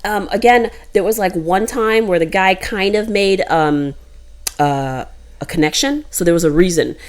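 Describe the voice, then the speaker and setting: A woman co-hosting a casual chat, telling stories in animated bursts and quoting other people. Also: mid-range voice. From United States. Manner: animated storyteller, quick bursts, quotes others. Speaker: co-host.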